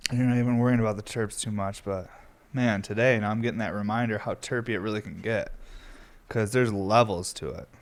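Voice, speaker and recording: A man's voice: fairly low pitch, fairly even intonation, brisk. A young man hosting a podcast, rambling in a laid-back way with lots of swearing. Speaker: podcast host. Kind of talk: casual stoner podcast chat.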